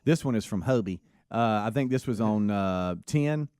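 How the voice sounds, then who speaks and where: A man's voice: lowish voice, animated, normal speed, a little mellow, clear, resonant tone, no echo. Chatty male co-host, dry close sound. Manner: chatty, teasing asides. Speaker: radio show co-host. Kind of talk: casual morning show chat.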